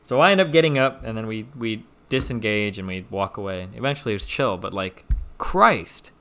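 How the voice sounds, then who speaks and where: Young male streamer with a bright, forceful voice; animated, teasing, swears freely. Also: lowish voice, fairly quick. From Omaha, Nebraska, US. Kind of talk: casual stream chat and storytelling.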